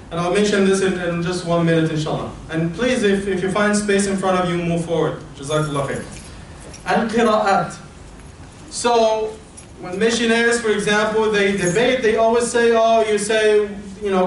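A man with an Egyptian accent delivering a Friday sermon as imam in a large mosque hall, explaining points through everyday comparisons. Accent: Egyptian Arabic. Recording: booming echo from far off, faint room hum.

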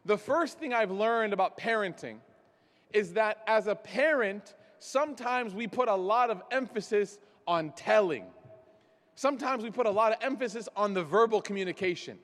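High-voiced man preaching in an echoey hall. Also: expressive, normal speed, a bit bright. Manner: storytelling with self-deprecating jokes. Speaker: speaker. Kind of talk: religious talk at a gathering. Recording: long hall reverb.

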